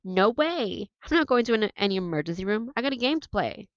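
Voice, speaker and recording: A woman's voice: medium pitch, lively intonation, a little fast, no echo, lo-fi sound, pitched above the performer's own voice, lightly acted. Woman doing a defiant teen boy captain. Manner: loud rallying shouts.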